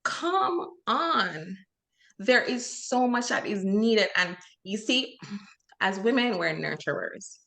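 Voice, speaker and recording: A woman's voice: mid-range voice, a little slow, creaky, fairly bright tone. Impassioned woman podcast co-host. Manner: earnest, impassioned, many fillers. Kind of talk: casual chat.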